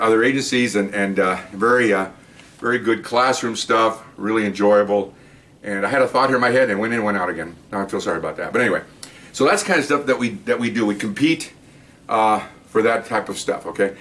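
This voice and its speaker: A man, a former police supervisor, hosting a podcast and telling a rambling story with lively acted-out quotes. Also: fairly low pitch, brisk. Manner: animated and rambling, acting out quoted voices. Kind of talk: casual anecdotal storytelling.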